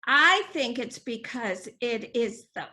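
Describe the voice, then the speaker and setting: A woman with a high, bright voice that swoops widely as she reads to young children. She talks slowly, with exaggerated expression. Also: lively intonation. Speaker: teacher. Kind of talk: scripted reading lesson for young children.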